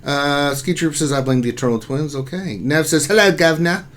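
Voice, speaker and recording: Reading out viewer names and comments, a man hosts a casual lunchtime stream in a fairly high-pitched voice at a slightly quick pace. His loose chatter often drifts into quieter asides.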